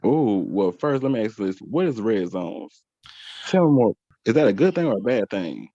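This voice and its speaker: A man who is a podcast guest talks in casual chat. His pitch moves in a lively way, and he reacts agreeably and laughs easily. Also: moderate pace, no echo, muffled recording.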